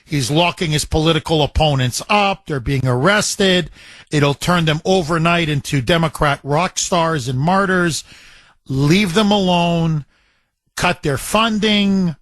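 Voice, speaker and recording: A man hosting a call-in radio show from a studio mic. His voice sits a little high and sounds dry and close. He talks in a chatty way and repeats phrases for emphasis. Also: unhurried, a bit bright, no room sound. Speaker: radio talk show host.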